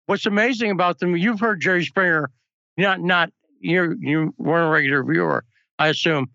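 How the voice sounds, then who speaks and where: A man's voice: on the high side, normal speed, creaky, pushed and bright, no echo, lo-fi sound. A man hosting a political talk show, chatting casually and telling anecdotes. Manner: chatty, storytelling asides.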